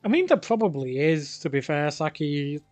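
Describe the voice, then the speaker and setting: A man's voice: a little high, animated, normal speed, a little mellow, dry recording, soft background music. A man chatting casually and swearing offhandedly while playing a game. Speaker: gaming streamer. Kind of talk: casual gameplay commentary.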